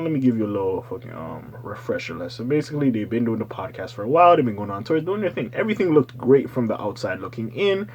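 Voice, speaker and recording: A man hosting his own channel, giving loose, profane, rambling casual commentary with slangy asides and sudden excited bursts. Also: medium pitch, muffled recording, a little hiss or hum. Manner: swings into loud excited bursts. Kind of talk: casual pop-culture commentary.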